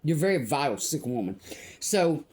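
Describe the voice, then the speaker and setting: An older woman from Louisiana ranting to camera as a vlogger, blunt, indignant and profane, with slow emphatic pauses. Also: low voice, sing-song, a little mellow. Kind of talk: angry personal rant to camera.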